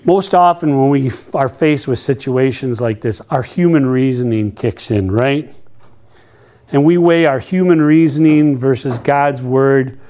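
A man preaching a sermon, animated and playful, acting out quotes with humor. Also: mid-range voice, a little slow. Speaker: pastor.

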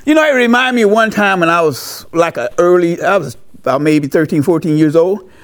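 A man preaching a sermon, animated and emphatic, repeating key phrases for effect. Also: high-pitched, fairly quick. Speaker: pastor.

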